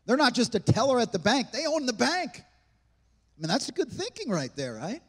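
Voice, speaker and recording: A man's voice: very high-pitched, huge pitch swings, normal speed, breathy edge, big-room sound. A male pastor preaching a sermon in a church, emphatic and conversational, with frequent rhetorical questions to the congregation. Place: church sanctuary.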